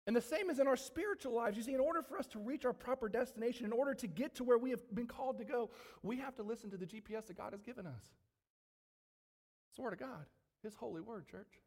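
A man preaching a sermon to his congregation, animated, with frequent asides to the room. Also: extremely high pitch, fast talker, in a large hall. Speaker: pastor. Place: church sanctuary.

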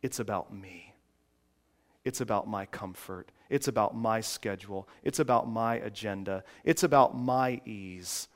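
A man preaching a sermon, moving from quiet reflective passages to loud, emphatic preaching. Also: lowish voice, unhurried. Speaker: pastor.

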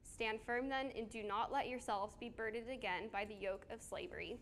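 A woman's voice: a little high, fairly even intonation, normal speed, slight background noise. A woman giving a casual sermon to a small live group on a handheld mic, chatty and self-deprecating, with fillers and questions to the audience. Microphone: handheld microphone.

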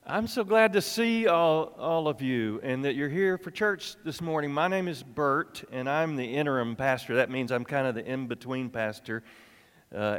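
A man who is an interim pastor, giving a playful children's sermon in a church and coaxing the kids with exaggerated enthusiasm. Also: medium pitch. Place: church sanctuary. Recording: long church reverb.

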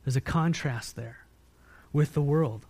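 An American pastor, his voice sitting a little above the typical male range, preaches in an unhurried way from the pulpit. He repeatedly puts questions to the congregation and answers them himself, swinging between loud emphatic peaks and soft, low-voiced passages.

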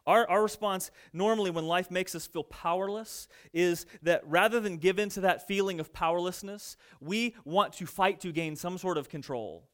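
A young adult man preaching a sermon, telling a story in an animated, conversational way to his congregation. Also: high-pitched, normal speed, hardly any pauses, clear, resonant tone. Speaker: pastor. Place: church sanctuary.

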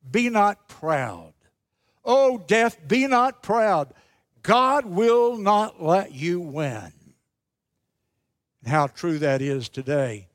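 A man preaching a sermon as a pastor, telling stories in a slow, emphatic and dramatic way. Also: high voice, no room sound, studio quality.

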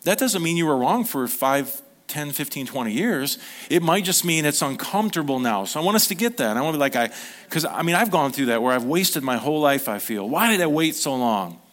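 A middle-aged pastor with a fairly high, bright voice and lively intonation speaks briskly in an informal sermon. Conversational with his congregation, he acts out short quotes and keeps restarting his sentences.

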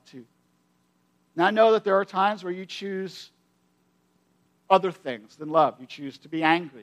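A man in his forties, a pastor, preaching a sermon with animated storytelling that swings between hushed and loud. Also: high-pitched.

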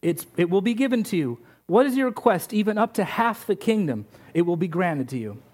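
A preacher voicing a dark, brooding king from a sermon story, deep and ominous in manner, a pitch sitting fairly high despite it. He speaks with slow, grand authority. The king is ominous and imperious throughout. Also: expressive. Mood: indulgent.

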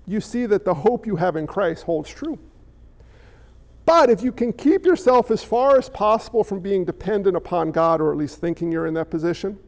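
Pastor, male, very high voice, animated storytelling sermon, voices his characters. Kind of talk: sermon with acted-out scenes.

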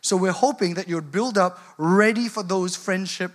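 A speaker giving a storytelling talk to parents, animated and laughing through the story. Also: mid-range voice, moderate pace, hardly any pauses.

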